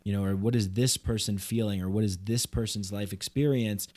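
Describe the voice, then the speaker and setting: A man's voice: lowish voice, steady tone, brisk, a little mellow, no room sound. A man hosting a podcast, talking in a loose, rambling way full of "like" and "you know". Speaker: podcast host. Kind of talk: casual conversation.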